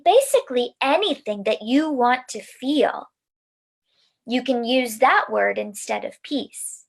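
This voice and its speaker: A woman leading a mindfulness lesson for children, giving gentle, soothing instructions. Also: high voice, lively intonation, a little slow, creaky. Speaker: mindfulness teacher.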